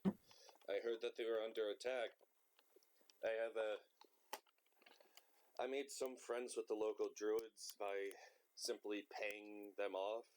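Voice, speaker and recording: A man voicing a gruff trapper in a tabletop game. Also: on the low side, level tone, slow, pauses often, slight background noise. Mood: wary. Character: gruff large male trapper, wary. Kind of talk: in-character tabletop role-play.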